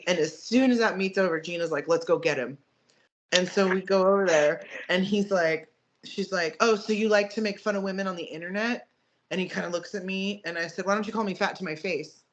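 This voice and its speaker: A woman co-hosting a podcast, who is also a powerlifting coach, tells a story casually and profanely with lots of filler words. Her lowish voice is fairly quick, and the recording sounds muffled.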